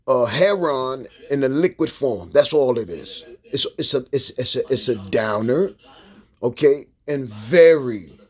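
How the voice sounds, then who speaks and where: With a fairly high, fairly bright voice, a middle-aged man delivers a fiery, profanity-laced sermon to his vlog audience. He talks in street slang and keeps tacking "man" and "you dig" onto his lines.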